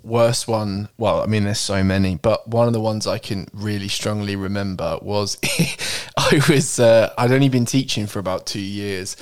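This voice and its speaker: A podcast co-host in casual chat, swearing and laughing through an unhurried story. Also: sits low, fairly even intonation.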